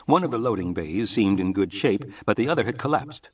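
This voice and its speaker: A man's voice: lowish voice, expressive, brisk, slightly rough, distant mic. A man narrating a novel as an audiobook reader, telling the story expressively. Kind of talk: scripted narration.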